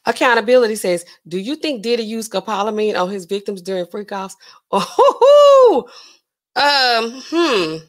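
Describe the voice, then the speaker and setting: Speaking a little slowly in a slightly high voice, this woman pharmacist runs a relaxed livestream where she chats freely about features. She reads out viewer comments, answers them, and laughs a lot, with big, animated shifts in her voice.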